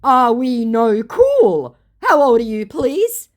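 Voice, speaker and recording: A woman voicing a pleading, evasive male online scammer, slow and wheedling. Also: on the high side, sing-song, pitched above the performer's own voice. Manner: wheedling, drawn-out.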